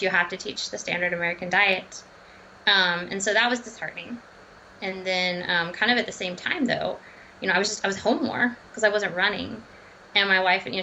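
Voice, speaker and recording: A woman dietitian telling her story in a casual interview, animated and acting out quoted dialogue. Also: medium pitch, a little hiss or hum, low-quality recording. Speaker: dietitian and runner.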